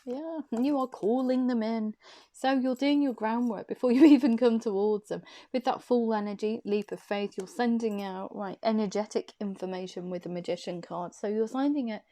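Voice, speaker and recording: A woman's voice: fairly high pitch, fairly even intonation, normal speed, dark tone. A woman from Warwickshire with an English accent, giving a casual tarot reading from her room in a chatty, rambling way with frequent laughs. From Warwickshire, England. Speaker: tarot reader.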